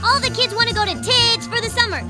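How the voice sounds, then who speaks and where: A manic, squeaky child pitchman. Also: fast talker, sharp tone, soft background music, exaggerated voice. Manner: hyped, rambling sales patter. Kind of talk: cartoon voice acting.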